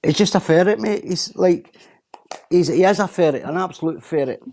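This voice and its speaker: A man's voice: high-pitched, normal speed, darkish tone. A Scottish man in casual chat on a stream, blunt, sweary and repeating himself as he rants.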